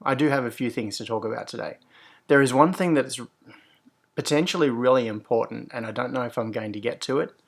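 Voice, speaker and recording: Upbeat gravelly-voiced man. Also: medium pitch, a little fast. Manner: upbeat greetings, rambling technical explanations. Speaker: host. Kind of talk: casual livestream chat.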